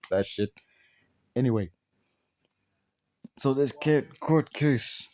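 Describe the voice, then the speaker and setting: A man's voice: medium pitch, slow, pauses often, a little mellow, no echo. A man ranting through a film review, exasperated and swearing heavily, firing off rhetorical questions. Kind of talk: profane ranting movie review.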